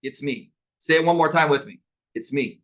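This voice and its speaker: A man's voice: a little high, moderate pace, low-quality recording. A middle-aged man coaching a live online masterclass, blunt and emphatic, calling on viewers to answer back like a preacher. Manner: energetic, preacher-like call-and-response; blunt and emphatic, repeats himself. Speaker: business coach.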